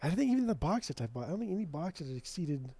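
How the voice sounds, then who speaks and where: A man with a mellow, slightly higher-than-usual voice tells a story in a casual, animated way and swears freely. He sounds like a podcast co-host chatting with a friend. The recording is dry and close. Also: rapid-fire, husky, dry recording. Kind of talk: casual chat.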